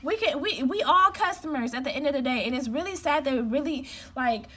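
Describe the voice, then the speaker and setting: A young woman with a high voice rants straight at the camera, blunt and emphatic. She talks casually from home, venting in a direct, no-nonsense manner. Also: expressive, fairly quick, sharp tone. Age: young adult. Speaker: customer care representative.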